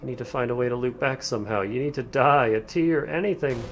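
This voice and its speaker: A man's voice: medium pitch, fast, hardly any pauses, slight background noise. A man playing through a game, reading its text aloud with dramatic emotion. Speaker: gaming video creator. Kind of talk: game playthrough commentary and dialogue reading.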